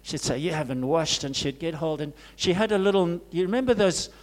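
High-voiced preacher swinging loud to soft. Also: male voice, animated, a little fast. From Zimbabwe. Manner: swings from loud urgent cries to soft hushed asides. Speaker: pastor. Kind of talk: sermon.

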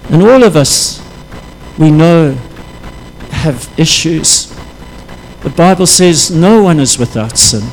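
A man preaching a sermon, impassioned, his voice rising into loud prayerful pleas. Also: on the high side, lively intonation, slow pace, pauses often, soft background music, poor audio.

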